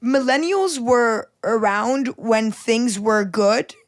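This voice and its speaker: A woman's voice: on the high side, slow. A woman in her thirties hosting a podcast, blunt and opinionated in casual chat. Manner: blunt, opinionated, swears freely. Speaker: podcast host.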